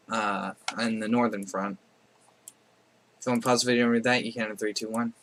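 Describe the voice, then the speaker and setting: Male let's-play host, bright, rambling commentary over a strategy game, frequent self-corrections. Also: medium pitch, moderate pace.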